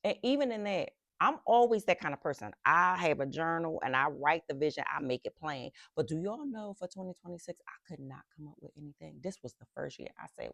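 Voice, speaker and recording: A middle-aged woman from Philadelphia speaks in a low, gravelly voice as she hosts her podcast. She tells her story with animated repetitions, reflecting on faith and rest. The sound is dry and close, with no room echo. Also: fairly quick, few pauses. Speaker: podcast host.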